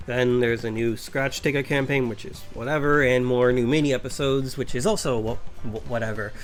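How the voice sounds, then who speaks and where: A man, a VTuber, rambling without a script about a game update, sounding tired and filling pauses with ums and restarts. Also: medium pitch, steady tone, faint music behind. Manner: tired, yawning, many fillers and restarts. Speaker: vtuber commentator. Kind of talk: unscripted rambling commentary.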